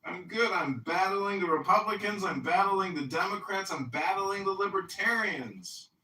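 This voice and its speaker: A man's voice: high voice, normal speed, distant mic, slight background noise. Upbeat man hosting a chat, roomy sound. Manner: upbeat, greets loudly, speaks in slogans. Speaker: podcast host and political candidate. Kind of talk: casual chat on an audio app.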